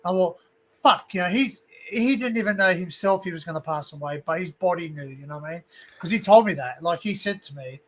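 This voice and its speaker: A man's voice: high-pitched, a little fast, a bit bright. An Australian man hosting a livestream, telling a personal story candidly and emotionally, swearing freely. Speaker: livestream host. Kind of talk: casual chat.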